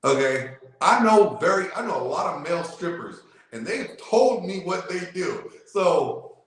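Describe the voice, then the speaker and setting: A man's voice: high voice, big pitch swings, unhurried. A man in casual debate as a show guest, talking emphatically and repeating himself as he lays out his point. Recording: very echoey room.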